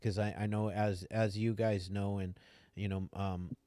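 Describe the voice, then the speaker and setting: A man's voice: fairly low pitch, level tone, measured pace, dark tone, dry recording. A man with a Canadian accent co-hosting an online recovery meeting, earnest and stumbling over repeated words. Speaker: podcast co-host. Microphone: video call.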